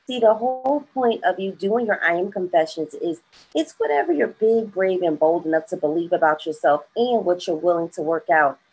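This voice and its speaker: A woman's voice: fairly low pitch, expressive, normal speed, a little mellow, low-quality recording. A woman hosting a motivational morning show, upbeat and encouraging, who laughs easily, talking over a video call. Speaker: host.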